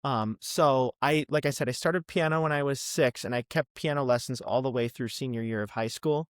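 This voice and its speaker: A man's voice: mid-range voice, no echo. Young guy rambling on a podcast, lots of ums, dry close sound. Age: young adult. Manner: chatty, many ums, quick asides. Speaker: podcast guest. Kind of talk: casual interview chat.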